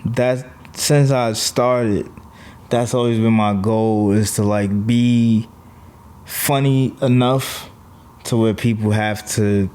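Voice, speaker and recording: A man's voice: lowish voice, fairly even intonation, takes it slowly, darkish tone, smooth. A male comedian with a New York accent, chatting casually as a guest and telling blunt stories about his life, laughing as he talks. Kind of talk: casual chat.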